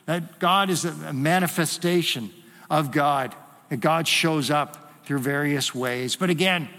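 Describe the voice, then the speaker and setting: A man preaching from the stage of a large church hall, his high, bright voice ringing out with a long reverb behind it. He is animated and slips into the voices of the people in his story. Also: a little slow. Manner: animated, acts out quoted voices. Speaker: pastor. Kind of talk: sermon.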